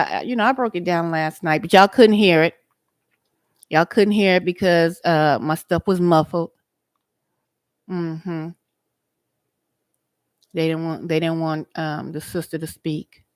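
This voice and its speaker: A woman's voice: deep voice, measured pace, long pauses, no echo. A woman hosting an outdoor livestream, chatting and preaching straight to her viewers. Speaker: livestream host. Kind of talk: casual livestream chat and teaching.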